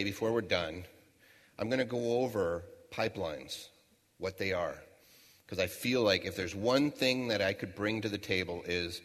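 In the long reverb of a large hall, a middle-aged motivational speaker with a low, slightly bright voice gives a storytelling keynote. He relates a folksy tale and addresses rhetorical questions to the crowd.

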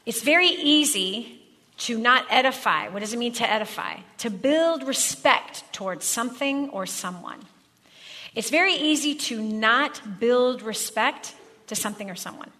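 A woman's voice: on the high side, lively intonation, a little slow, bright, forceful tone, long reverb tail. A woman leading a live workshop demonstration, upbeat and laughing easily as she coaches the room. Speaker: workshop presenter.

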